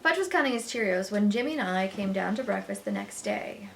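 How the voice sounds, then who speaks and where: A woman teacher reading a children's novel aloud with expressive storytelling. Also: mid-range voice, a little fast, a little hiss or hum.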